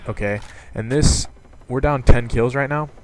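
A young man giving casual commentary on a video game, rambling and excitable, with lots of fillers. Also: medium pitch, measured pace, background noise. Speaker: gaming commentator. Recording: game sound and gunfire behind. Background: gunfire from gameplay.

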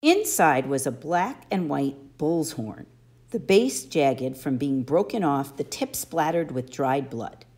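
Expressive woman reading an audiobook. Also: deep voice, slow. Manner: expressive first-person storytelling. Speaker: audiobook narrator.

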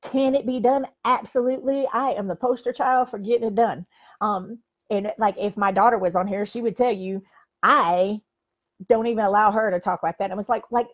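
Facing the camera at normal speed, an older life coach gives a direct, emphatic motivational talk in a medium-pitched, fairly even voice. She leans on the word "like" frequently.

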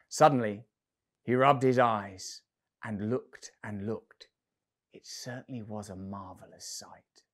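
Man reading a children's fairy tale. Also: medium pitch. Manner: expressive, varied storybook delivery. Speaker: storyteller. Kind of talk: reading a children's story aloud.

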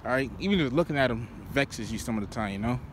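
A man's voice: mid-range voice, lively intonation, quick pace, rough recording. A man preaching while walking outdoors, rambling and profane, padding his talk with "you know" and "man". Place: outdoors by a road. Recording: street traffic noise behind.

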